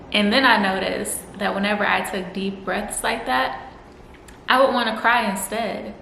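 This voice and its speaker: A woman's voice: mid-range voice, gravelly, pushed and bright, roomy sound, low-quality recording. A young woman talks frankly to the camera about handling anger, swearing now and then and acting out her own outbursts. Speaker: vlogger. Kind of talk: candid self-help talk to camera.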